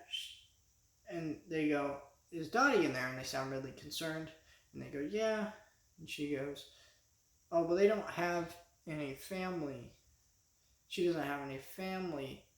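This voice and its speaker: A man's voice: a little high, roomy sound. A man giving a casual spoken review as a vlogger, rambling with many restarts and fillers.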